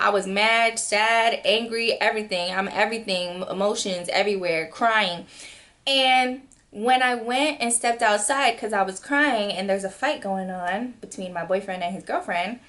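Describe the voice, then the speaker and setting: A woman in her twenties telling a storytime vlog, animated and acting out quotes with sudden jumps in pitch. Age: 20s. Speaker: vlogger. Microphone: camera mic.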